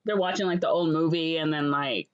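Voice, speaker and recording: A young woman co-hosting a podcast, casually recapping a movie with lots of fillers and quick acted-out lines. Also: low-pitched, fairly even intonation, clear, resonant tone, muffled recording. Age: young adult. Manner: rambling, acts out characters' lines in quick voices. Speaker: podcast co-host.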